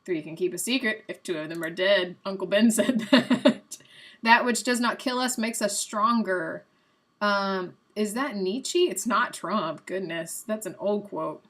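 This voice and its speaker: With a mid-range voice at a measured pace, a young adult woman hosts a live stream, casually chatting and guessing aloud during a quiz game, a little self-mocking.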